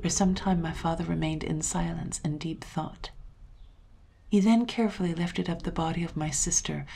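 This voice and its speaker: Low, gravelly woman narrating a gothic tale. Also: fairly even intonation, slight background noise. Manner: measured, dramatic reading with hushed moments. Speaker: storyteller.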